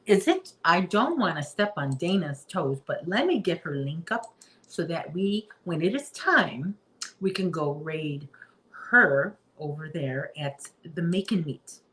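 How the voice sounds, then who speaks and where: A woman's voice: lowish voice, animated, measured pace, fairly bright tone. A woman hosting a casual livestream chat from her home, chatty and reading viewer comments aloud. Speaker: livestream host.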